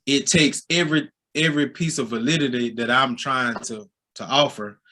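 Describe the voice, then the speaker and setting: Animated Southern basketball coach in his forties. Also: mid-range voice, moderate pace, a little hiss or hum. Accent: Southern American. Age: 40s. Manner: storytelling, gets loud and animated when excited. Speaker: high school basketball coach. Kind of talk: casual interview conversation.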